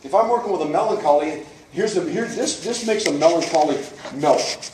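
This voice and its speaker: Speaking at a moderate pace, a man with an expressive, high-leaning voice gives an emphatic, folksy motivational talk before an audience at a business coaching event and acts out the characters he describes. There's background noise, and the echoey indoor event hall leaves his voice sounding far off.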